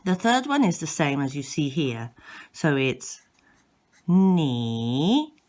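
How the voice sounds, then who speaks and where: Slow, low-voiced woman teaching patiently. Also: very animated. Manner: patient, repeats and demonstrates sounds, occasional self-corrections. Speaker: language teacher. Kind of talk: slow instructional explanation.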